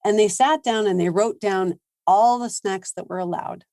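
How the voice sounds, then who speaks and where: A woman parenting coach giving a seminar talk, animated and laughing often as she acts out quoted lines. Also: mid-range voice, moderate pace, dry recording, studio quality.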